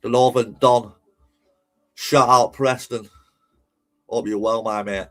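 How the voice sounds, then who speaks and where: A man's voice: mid-range voice, fairly even intonation, takes it slowly. Chatty English man hosting a livestream. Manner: chatty, swears freely, shouts out viewers. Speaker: livestream host. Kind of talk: casual livestream chat reading comments.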